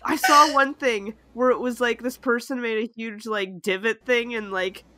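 A young woman in casual chat, talking freely and jumping in with quick asides. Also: on the high side, steady tone, noisy background. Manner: chatty, jumps in with quick asides.

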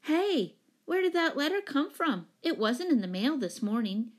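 A woman's voice: high voice, big pitch swings, unhurried, pitched above the performer's own voice. A woman reading a storybook, voicing a cheeky younger brother who teases and retorts. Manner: teasing, retorting.

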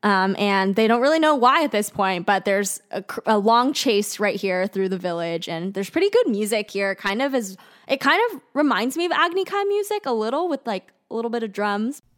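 A woman's voice: medium pitch, lively intonation, normal speed. A young woman co-hosting a podcast, chatting casually as she recaps an episode scene by scene. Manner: chatty, acts out quoted lines with giggles. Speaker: podcast co-host.

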